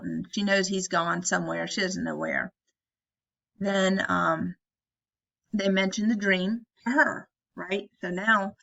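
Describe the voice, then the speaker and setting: Brief: chatty woman teacher in a casual classroom retelling, gravelly voice, dull lo-fi recording. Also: medium pitch, a bit bright. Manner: chatty, tags statements with "right?".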